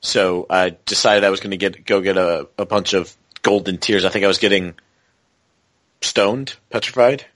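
A man's voice: low-pitched, steady tone, normal speed, a bit bright, dry recording, poor audio. A man co-hosting a casual podcast, rambling and restarting phrases as he thinks aloud. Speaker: podcast co-host.

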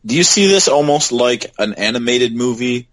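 A man's voice: medium pitch, lively intonation, normal speed, dry recording, poor audio. A man co-hosting a podcast in casual chat, talking thoughtfully and asking reflective questions. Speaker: podcast co-host.

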